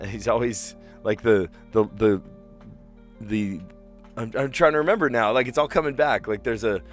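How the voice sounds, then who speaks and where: Man reading puzzle clues aloud, slow unhurried delivery, deepish voice, soft music behind. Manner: reads clues aloud and muses with frequent restarts. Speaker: streamer playing word puzzles. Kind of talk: casual thinking-aloud chat.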